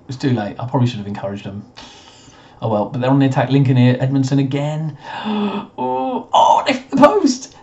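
Croaky man cheering at a game. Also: medium pitch, muffled recording. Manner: excitable, swings between muttering and cheering at the screen. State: slightly croaky voice. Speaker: gaming commentator. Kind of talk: casual let's-play commentary.

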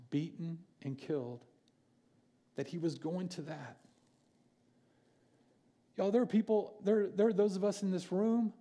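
A man preaching a sermon in church, earnest and pausing for effect. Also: fairly high pitch. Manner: earnest, with dramatic pauses and quieter passages. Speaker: pastor.

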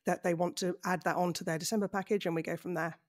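A woman who organizes events, a guest on a podcast, explaining things in a relaxed, matter-of-fact way with frequent ums. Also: on the low side, fast. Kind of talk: casual podcast chat.

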